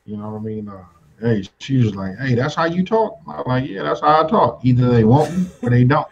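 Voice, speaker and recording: Man, co-host, jokey shout-outs, casual chat, muffled lo-fi sound. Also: mid-range voice, fairly quick, creaky. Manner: joking, shout-outs to viewers. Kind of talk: casual live-stream chat. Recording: dull lo-fi line.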